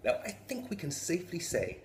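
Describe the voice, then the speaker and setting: A man from England rehearses a stand-up routine, telling a profane story with animated delivery. His pitch leaps about expressively. The echoey room carries a faint hum. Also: fairly quick. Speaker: stand-up comedian.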